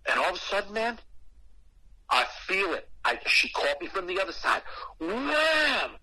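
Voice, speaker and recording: This man's voice sits high, and he talks a bit slowly with long pauses, captured on low-quality audio. Cursing and using slang, he relates something that happened to him, playing out his old lines with real energy.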